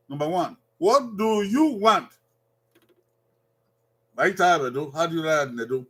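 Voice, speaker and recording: A man's voice: mid-range voice, animated, moderate pace, fairly bright tone, husky. A man, teaching an Edo language lesson at an evening cultural gathering. He drills phrases and asks the learners to repeat them.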